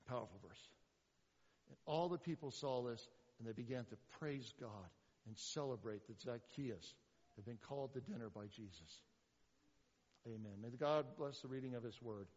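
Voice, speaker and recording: Animated preacher man. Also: sits high, in a large hall, muffled recording. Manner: animated, rhetorical questions, sarcastic asides. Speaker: pastor. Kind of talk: sermon.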